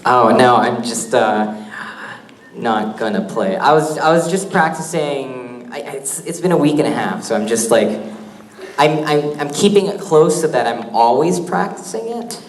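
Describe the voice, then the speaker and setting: A man's voice: medium pitch, animated, slight background noise. Playful man on a convention stage. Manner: joking, self-mocking, quick. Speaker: convention panel guest. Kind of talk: casual Q&A on stage. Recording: echoey hall with crowd.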